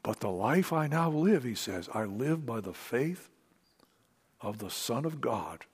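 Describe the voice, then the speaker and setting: A man preaching a sermon to a church meeting, fervent, dropping to hushed tones and rising to emphatic declarations. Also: medium pitch, very animated, a little slow, breathy edge.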